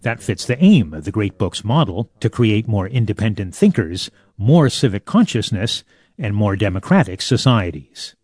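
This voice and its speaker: Low, lively male radio news correspondent. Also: normal speed, breathy edge, dry recording, clean studio sound.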